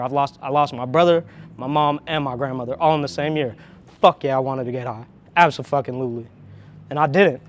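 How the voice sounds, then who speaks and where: A man's voice: medium pitch, fairly bright tone. A man talking candidly in an interview, frank and profane, reflective, often restarting his sentences. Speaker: interviewee, harm reduction worker.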